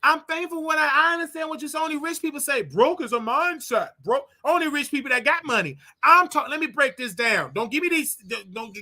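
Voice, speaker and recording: A man hosting a casual livestream, talking straight to his viewers in an animated, repetitive way with preachy asides. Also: very high voice. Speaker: livestream show host.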